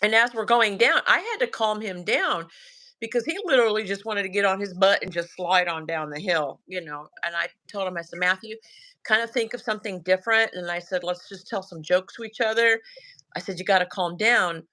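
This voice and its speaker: A woman's voice: mid-range voice, brisk. A woman with a Southern US accent, telling a story in casual chat and acting out the lines of her son and herself. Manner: animated, quotes her son and herself, laughs often. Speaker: guest telling a sighting story.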